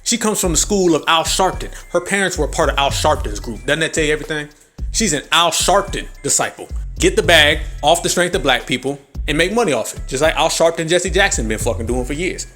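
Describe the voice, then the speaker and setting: A man's voice: a little high, lively intonation, a little fast, pushed and bright, faint music behind. Angry, profane man hosting a podcast. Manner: angry, profane, mocking, with sarcastic mimicry. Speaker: podcast host. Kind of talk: heated political commentary.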